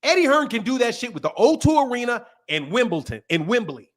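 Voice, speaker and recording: A man's voice: very high voice, big pitch swings, a little fast. A man hosting a casual podcast, ranting emphatically and swearing a lot. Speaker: boxing channel host. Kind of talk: casual profane podcast rant.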